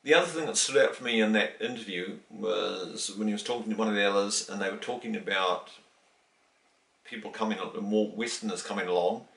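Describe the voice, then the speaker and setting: A middle-aged man from New Zealand in a casual interview, telling a story and acting out the quoted voices with lively emphasis. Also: on the low side, brisk, creaky. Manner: animated, acts out quoted dialogue, many restarts. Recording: roomy, distant from the mic.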